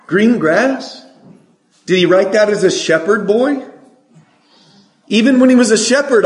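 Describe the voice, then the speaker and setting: A man from California preaching a sermon, asking the congregation questions and reciting scripture slowly. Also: high voice, a little mellow, reverberant. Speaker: pastor.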